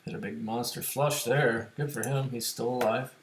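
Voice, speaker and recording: Streaming an online poker session, a man casually talks his viewers through his thoughts on hands and chip stacks. His medium-pitched voice keeps a fairly even intonation at a moderate pace, with reverb and slight background noise.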